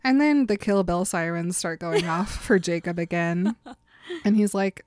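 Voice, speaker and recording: A woman's voice: lowish voice, a little mellow, no room sound. Woman dryly retelling a story. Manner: dry, quick retelling with mock quotes. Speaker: podcast host retelling a book. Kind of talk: casual chat, comic book recap.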